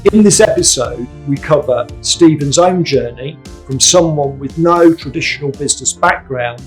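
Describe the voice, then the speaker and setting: Man, podcast host, scripted guest intro, measured read, mid pitch, faint guitar music underneath. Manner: measured, read-aloud delivery.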